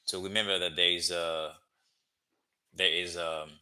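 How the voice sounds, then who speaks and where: A man teaching a language lesson, drilling phrases slowly with many "okay?" check-ins. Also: sits low, little pitch movement, sharp tone. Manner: slow, repetitive drilling with frequent "okay?" checks. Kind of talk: classroom-style language lesson.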